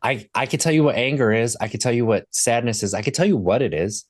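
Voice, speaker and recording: A man talking as a podcast guest, telling a candid personal story in a reflective, halting way with restarts. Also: medium pitch, expressive, dry recording, studio quality.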